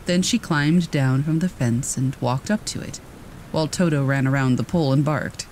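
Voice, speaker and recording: A man giving calm, measured storybook narration of a classic tale. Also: a little high, a little hiss or hum, rough recording. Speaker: audiobook narrator.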